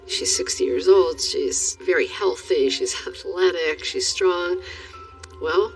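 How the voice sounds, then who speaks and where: Casual: woman talking about her friend, reflective, bit of vocal fry, faint music behind. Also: lowish voice, a little slow, distant mic, rough recording. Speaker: interviewee, friend of the deceased. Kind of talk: reflective interview.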